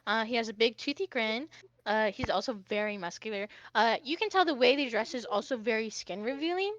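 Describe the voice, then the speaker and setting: High-voiced woman narrating a tabletop game. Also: a little fast, a bit bright, dull audio. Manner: casual with many fillers. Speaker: game master. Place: home streaming setup.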